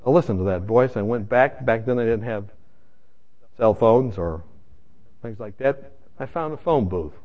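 A man gives his testimony as a sermon, telling his story emphatically and speaking directly to the audience. His mid-range voice is animated, his pace measured with frequent pauses, and the recording sounds muffled.

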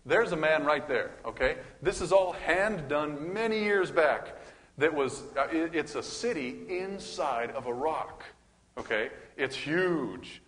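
A male pastor teaching a bible study, animated, asking questions and reading scripture aloud. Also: fairly high pitch, a little slow, long reverb tail.

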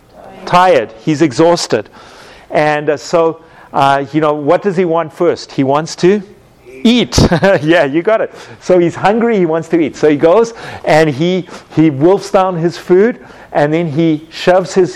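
A man teaching a Bible class, telling everyday stories with lively acted-out moments and questions to his students. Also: fairly high pitch. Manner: animated storytelling, acts out scenes with sound effects.

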